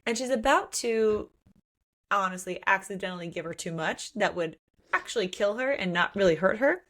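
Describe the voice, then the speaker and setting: Woman, podcast co-host, casual and animated, laughs a lot, average pitch. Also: normal speed. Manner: animated, laughs often, acts out quotes. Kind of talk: casual book discussion.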